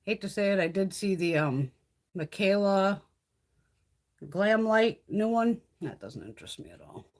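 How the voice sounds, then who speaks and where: A woman's voice: medium pitch, animated, a little slow, a little mellow. A woman beauty vlogger chatting casually on a live stream while doing her makeup, blunt and full of swearing.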